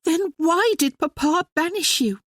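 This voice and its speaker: A reader voicing a distressed young noblewoman, pitched high and pleading. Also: expressive, a little slow, fairly bright tone, no echo, studio quality, full character voice. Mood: distraught. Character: young noblewoman, upset and demanding.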